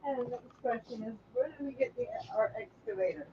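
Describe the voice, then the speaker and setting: A woman co-hosts a relaxed livestream, chatting with her husband and reading out viewer comments. She sounds tired and keeps yawning. The audio is dull and lo-fi with a faint hum behind it. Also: sits high, brisk. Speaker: co-host of a livestream. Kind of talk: casual chat.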